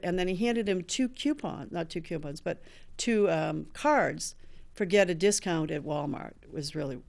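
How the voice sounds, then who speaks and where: A deep, creaky woman's voice tells a personal story earnestly. She's an older woman in recovery and a show host, and she acts out the lines of the people in her story as quoted dialogue.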